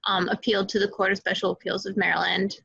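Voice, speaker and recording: A woman's voice: mid-range voice, little pitch movement, fast, creaky, sharp tone, slightly rough, dry recording, highs cut off. A woman answering in a law class, hesitant, with fillers and self-corrections. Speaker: law student.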